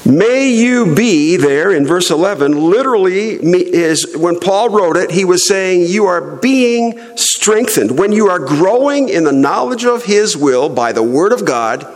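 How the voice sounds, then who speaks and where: A middle-aged man preaching a sermon as pastor, slow and emphatic, leaning hard on stressed words. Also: sits high, animated, in a large hall, rough recording.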